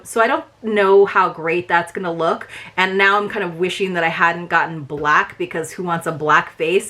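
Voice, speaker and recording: A woman's voice: fairly low pitch, fairly bright tone. Young woman, casual unboxing vlogger, upbeat and rambling. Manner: chatty, upbeat, lots of fillers. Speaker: subscription box reviewer. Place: home filming room.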